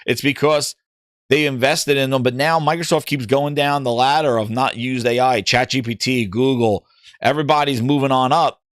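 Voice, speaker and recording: On a gaming livestream, a man with a medium-pitched, fairly bright voice talks at a moderate pace with fairly even intonation. He casually reads chat aloud and jokes in mocking voices, and the sound is dry and clean, like a studio.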